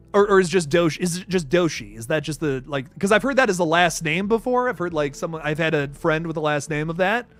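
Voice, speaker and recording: A man's voice: fairly high pitch, fairly quick, a bit bright, soft background music. A young man hosting a casual live stream, reading viewer messages, laughing often and swearing casually. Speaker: livestream host reading super chats.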